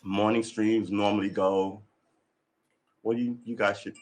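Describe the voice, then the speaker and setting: Unhurried and level in tone, a man with a lowish, darkish voice rambles through his morning livestream. He sounds tired and a bit cross, sighing and starting over repeatedly as he adjusts his desk microphone.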